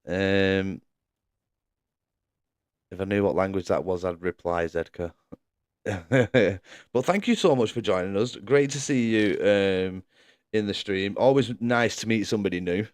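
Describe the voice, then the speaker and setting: Chatty low-voiced male stream commentator. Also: measured pace, long pauses, no room sound, clean studio sound. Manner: chatty, laughs often, reads out chat. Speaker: sim racing league commentator. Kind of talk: casual live-stream chat.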